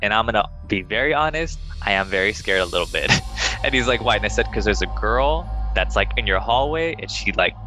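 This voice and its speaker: Young male storyteller, casual and animated, lowish but bright tone. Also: fairly quick, faint music behind. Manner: animated, acts out quoted voices in higher pitch. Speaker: group member telling a ghost story.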